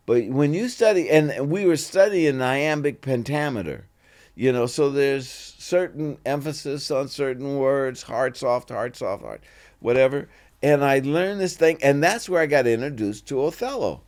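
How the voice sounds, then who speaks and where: Man, actor guest, relaxed storyteller, lively voice, acts out quotes. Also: mid-range voice. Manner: relaxed and conversational, with "you know" fillers. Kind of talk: anecdotal interview storytelling.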